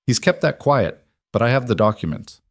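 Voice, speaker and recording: A man's voice: medium pitch, normal speed, no room sound, studio quality, lightly acted. A man doing a shrewd, grim older merchant father. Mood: cunning. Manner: flat, grim and forceful.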